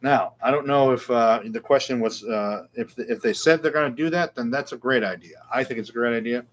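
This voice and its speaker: A middle-aged man hosts a casual guitar show, talking in long, wandering, joking runs. His voice sits at an ordinary pitch. A faint hum lies under it. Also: fairly quick. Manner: rambling, chatty, self-deprecating. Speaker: guitar shop show host. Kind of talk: casual live Q&A chat.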